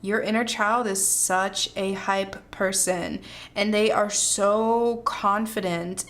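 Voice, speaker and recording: A woman gives a pick-a-card tarot reading at an unhurried pace. She gushes and hypes the listener up in slangy, effusive talk, often breaking into laughter. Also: mid-range voice, a bit bright. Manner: gushing, hyping, laughs often. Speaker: tarot reader.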